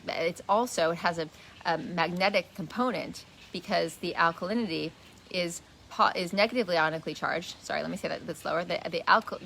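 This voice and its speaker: A woman's voice: on the low side, vocal fry, pushed and bright, a little hiss or hum. A woman teaching a wellness class in a casual live talk, earnest, often restarting and repeating words as she explains. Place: indoors, shifting light.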